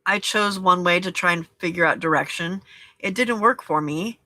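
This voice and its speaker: A woman hosting a journaling and crafting challenge, talking to viewers in a gentle, encouraging, reflective way and often checking in with "okay?". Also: fairly low pitch, moderate pace. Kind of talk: reflective casual talk to viewers.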